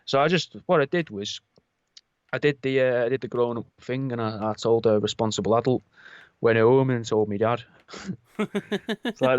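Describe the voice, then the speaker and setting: A man's voice: medium pitch, normal speed, clean tone, dry recording, dull audio. A young adult man, a podcast co-host animatedly telling a story with plenty of swearing. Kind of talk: casual chat.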